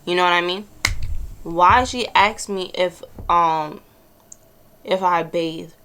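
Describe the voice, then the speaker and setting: A woman's voice: on the low side, steady tone, slow, pushed and bright, a little hiss or hum. A young woman, telling a blunt, exasperated storytime in a casual vlog, swearing freely. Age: early 20s. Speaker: vlogger.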